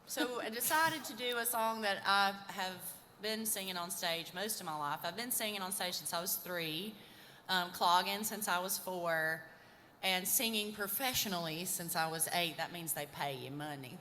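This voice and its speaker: A woman's voice: on the low side, pushed and bright, a little hiss or hum. A young woman, a folk singer, chatting and laughing between songs on a live stage. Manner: chatty, laughing, quick asides. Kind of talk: casual on-stage storytelling. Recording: live stage in a reverberant hall.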